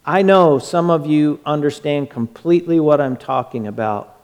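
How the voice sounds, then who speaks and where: A man's voice: a little high, normal speed, darkish tone, clear, resonant tone. A man preaching a sermon as pastor, emphatic and drawn out, often repeating words. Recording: echoey church hall.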